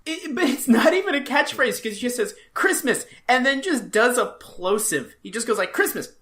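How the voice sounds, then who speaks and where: A man's voice: very high voice, lively intonation, brisk, fairly bright tone. A man co-hosting a casual podcast chat, rambling with many filler words. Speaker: podcast co-host.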